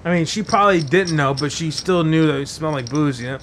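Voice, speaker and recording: A man's voice: on the high side, quick pace, fairly bright tone, a little hiss or hum. Rambling, foul-mouthed male podcast host. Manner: rambling, heavy swearing, many fillers. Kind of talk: casual storytelling.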